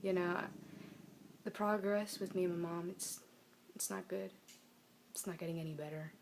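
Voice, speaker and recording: A young woman telling a personal story to the camera in a soft, halting, emotional way. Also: lowish voice, fairly even intonation, gravelly, slight background noise. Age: young adult. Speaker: vlogger.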